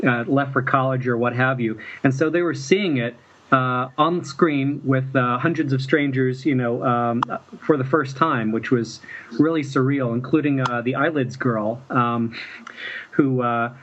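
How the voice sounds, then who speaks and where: A man from Mississippi, a fan filmmaker guest, telling stories in a rambling, halting way and chuckling often. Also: medium pitch, fairly bright tone. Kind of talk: casual storytelling interview. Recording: dull lo-fi with faint noise.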